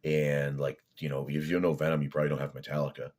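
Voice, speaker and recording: A man's voice: extremely low pitch, level tone, fast, darkish tone. A man vlogging in a rambling, profane, blunt way, drifting from topic to topic. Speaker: fitness vlogger. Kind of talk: rambling casual monologue.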